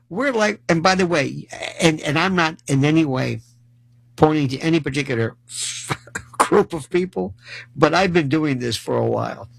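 A man's voice: on the high side, creaky, fairly bright tone, no echo, poor audio. A male political commentator delivering a sarcastic monologue and rattling off long lists of issues.

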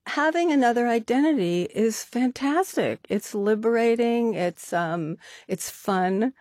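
A woman's voice: fairly high pitch, animated, measured pace, darkish tone, no room sound, studio quality. An older woman talking as an interview guest, chatty and laughing often, with plenty of fillers. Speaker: guest, art activist co-founder. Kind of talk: casual interview talk.

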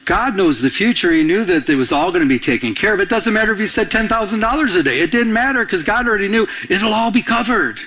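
A middle-aged man preaching a sermon in a husky, breathy voice that sits a little high for a man. He tells a personal story and acts out each side of the conversation as he goes. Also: animated, fast, hardly any pauses, bright, forceful tone. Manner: storytelling, acts out both sides of dialogues. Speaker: pastor.

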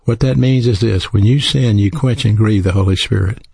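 A man preaching in an earnest, teaching manner, his low voice gravelly and husky. The tone is dark and mellow, and the sound is close and dry with no room around it. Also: moderate pace, no echo. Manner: earnest, teaching, spells out words. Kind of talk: sermon.

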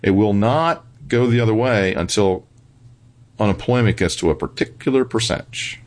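A man with a fairly low voice gives blunt financial commentary in an interview. He drives his points home emphatically and keeps checking in with "right?" and "okay?". A dry, sarcastic edge runs through his talk. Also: normal speed. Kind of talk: interview answers.

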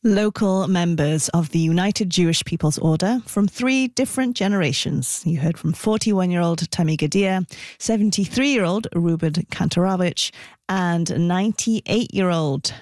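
A woman's voice: lowish voice, moderate pace, a little mellow, no room sound, studio quality. Upbeat woman radio host. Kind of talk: radio hosting and announcements. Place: radio studio. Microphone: studio microphone.

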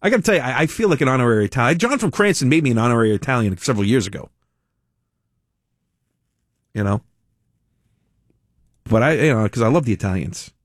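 A man hosting a talk radio show, reading news quotes aloud and adding lively asides. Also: medium pitch, fast talker, long pauses, dry recording, studio quality.

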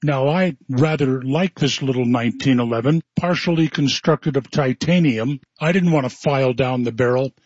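A man's voice: mid-range voice, normal speed, few pauses, darkish tone, dry recording. A man hosting a radio talk show, telling a folksy story in a wry way. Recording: muffled, dry radio broadcast.

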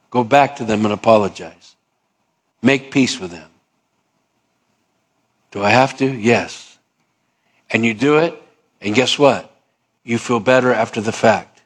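A male pastor preaching a sermon in a conversational way, acting out both sides of little dialogues. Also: mid-range voice.

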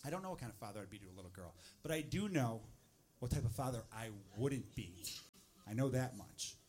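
A man's voice: medium pitch, lively intonation, fairly quick, darkish tone. A man doing a stand-up set in a comedy club, bantering chattily with the crowd. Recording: noisy live club recording, audience laughter.

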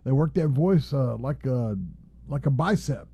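A man's voice: mid-range voice, measured pace, dark tone, husky, no echo. A man co-hosting a radio talk show, mostly giving short, agreeing replies. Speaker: radio co-host. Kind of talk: casual radio chat.

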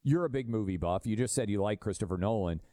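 Man, talk host, low mellow voice, emphatic, opinionated. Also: expressive, fast talker, no echo, studio quality. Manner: emphatic, opinionated, asks leading questions. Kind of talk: radio talk show discussion.

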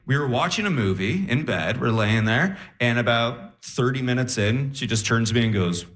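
A young man does stand-up into a handheld mic on stage. His bright voice swings up and down, jumping to sudden high exclamations, and the room rings with echo. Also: animated, moderate pace, hardly any pauses. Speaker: stand-up comedian. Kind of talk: stand-up comedy set. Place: comedy stage. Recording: echoey room.

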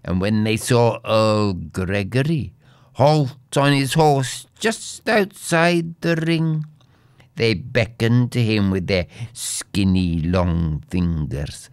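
A man's voice: lowish voice, expressive, takes it slowly, clear, resonant tone, no echo, clean studio sound. A man reading an old fairy tale aloud in a dramatic way, dropping into whispers at tense moments. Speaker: storyteller.

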